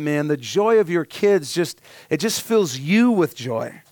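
A man in his thirties preaching a sermon, earnest and heartfelt, telling a personal story and dropping softly at emotional moments. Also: on the high side, sing-song, a little slow, no room sound, studio quality. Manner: earnest, heartfelt storytelling with sudden soft drops. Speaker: pastor.

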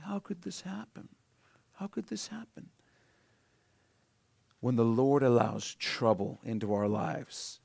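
A pastor preaching a sermon, moving between loud, emphatic lines and hushed, pleading ones. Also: male voice, mid-range voice, gravelly, no room sound.

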